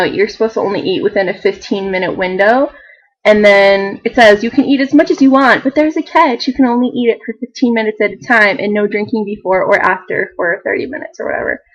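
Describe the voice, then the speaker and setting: A young woman vlogging in a chatty, animated way, full of fillers and laughter. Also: fairly high pitch, rough recording. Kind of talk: casual chat to camera.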